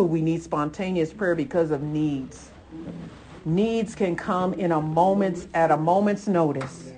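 Lively laughing woman preacher. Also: low-pitched, a little hiss or hum. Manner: lively, laughing, addresses congregation as folks and honey. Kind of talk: sermon.

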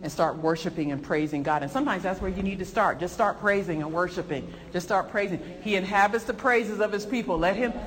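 A woman's voice: on the low side, a little fast, few pauses, a little hiss or hum. Woman preaching in an echoing hall. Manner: animated, emphatic, voices rising with feeling. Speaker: preacher teaching a Bible lesson. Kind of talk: sermon.

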